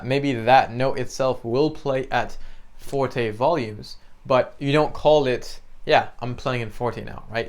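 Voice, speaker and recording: A young man talks through a beginner piano lesson in a relaxed, conversational way. His voice is smooth and clear at a middle pitch. He keeps checking in with the listener as he explains. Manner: chatty, explains with many "right?" and "you know", sings examples. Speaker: piano teacher. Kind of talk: casual spoken lesson.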